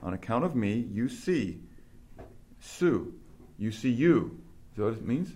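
A man's voice: mid-range voice, very animated, unhurried, darkish tone. A man teaching Greek grammar to a small group, asking questions and explaining step by step. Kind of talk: classroom instruction.

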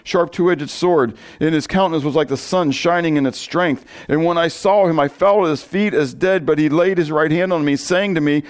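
A man's voice: a little high, moderate pace, few pauses. A man preaching a sermon, reading scripture aloud and often asking the congregation questions. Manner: reads scripture aloud with rising emphasis. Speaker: pastor.

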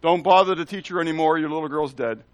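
A man giving an animated Bible teaching, asking the listeners questions and acting out the lines of the people in the story. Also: on the high side, fast talker, no echo.

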